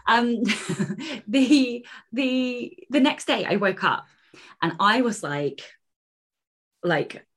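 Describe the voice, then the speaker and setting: A woman co-hosting a podcast in casual chat, animated, swearing freely and trailing off into fillers. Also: fairly high pitch, very slow, pauses often. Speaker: podcast co-host.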